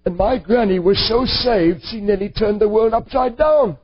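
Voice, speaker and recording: A man's voice: high-pitched, normal speed, husky. A male preacher telling a personal story in a sermon, earnest and emphatic, on a dull lo-fi recording.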